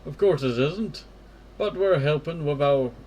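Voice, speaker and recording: A man voicing a teasing high-school girl who helps at the church, in a light, mocking tone. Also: lively intonation, unhurried, dark tone, a little hiss or hum.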